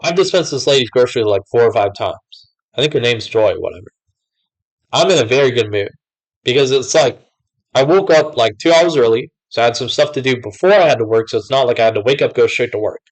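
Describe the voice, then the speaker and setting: A man's voice: medium pitch, lively intonation, quick pace, rough recording. A young man vlogging casually, rambling with lots of filler words as he tells what has happened lately. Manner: rambling, many fillers like "like" and "whatever". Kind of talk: casual talk to camera.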